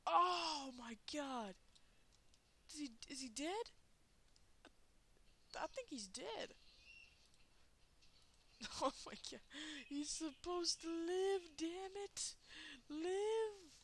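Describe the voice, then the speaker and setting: A woman giving let's play commentary, excitable, laughing and shrieking, cursing at the game. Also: very high voice, extremely slow, long pauses. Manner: swears and exclaims at the game. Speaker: gameplay commentator.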